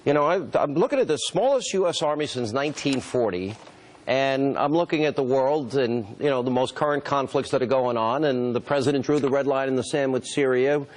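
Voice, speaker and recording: A man's voice: medium pitch, fairly quick. A man hosting a broadcast interview, putting pointed rhetorical questions to his guest and stacking up examples. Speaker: talk show host.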